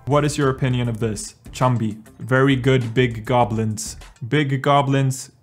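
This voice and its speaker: A young man, vlogging in a dry, deadpan comedic way. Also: medium pitch, a little slow. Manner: deadpan, dry absurd humor. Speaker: YouTuber. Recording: music playing underneath.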